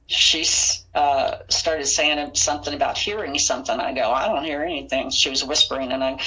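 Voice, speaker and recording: A woman's voice: low-pitched, a little fast, hardly any pauses, pushed and bright, rough recording. A woman guest on a podcast interview, earnestly retelling her experiences and acting out the dialogue. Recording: audio interview.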